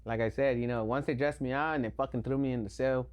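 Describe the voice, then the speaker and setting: A man, a podcast guest, telling stories in a relaxed, slangy way with constant swearing. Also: medium pitch, quick pace, smooth. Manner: profane, slangy, laid-back. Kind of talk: casual storytelling.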